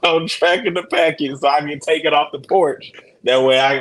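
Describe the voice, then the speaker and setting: A man's voice: a little high, normal speed, rough recording. A man joking through casual podcast banter over a remote call. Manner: joking, lively delivery. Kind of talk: casual chat. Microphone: remote call mic.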